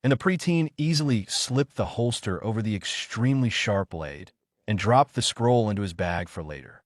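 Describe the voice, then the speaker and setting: A man narrating a fan fiction story aloud. His voice is low, and his delivery is animated with wide swings in pitch. The sound is close and very dry. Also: moderate pace, dry recording.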